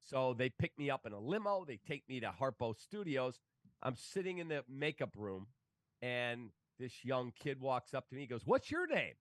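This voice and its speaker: A sports broadcaster spins stories in a relaxed chat, jumping into other people's voices as he goes. His voice sits at an ordinary pitch for a man. The room sound is dry and close. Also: moderate pace, no echo. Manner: animated, acts out quoted voices. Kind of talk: casual storytelling.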